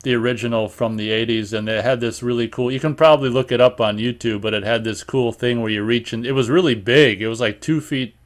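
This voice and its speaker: A man's voice: mid-range voice, steady tone, a little fast, hardly any pauses. An easygoing man in his forties from Minnesota, with a mid-range voice. He chats casually and thinks aloud as he goes, dropping mild swears now and then. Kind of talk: casual chat.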